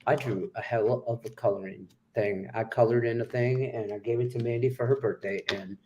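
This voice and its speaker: A man hosting a casual sports betting show, his voice sitting in a middle pitch. He jokes, laughs and teases his co-hosts while fighting off hiccups. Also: fairly even intonation, brisk, dark tone, lo-fi sound, a little hiss or hum. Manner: joking, laughing, teasing. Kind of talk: casual chat.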